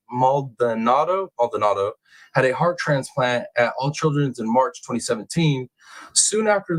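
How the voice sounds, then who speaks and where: A young man from California reads a news report aloud on a live stream, breaking off for casual, slangy, emphatic asides to his chat. His voice is medium in pitch, and the audio quality is poor.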